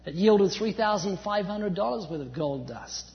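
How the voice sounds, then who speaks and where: Male preacher, faint New Zealand accent, dramatic loud-soft delivery, muffled lo-fi recording. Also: high voice, moderate pace. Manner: animated preaching, swinging from loud emphasis to hushed asides. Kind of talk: sermon. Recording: dull sound with long hall reverb.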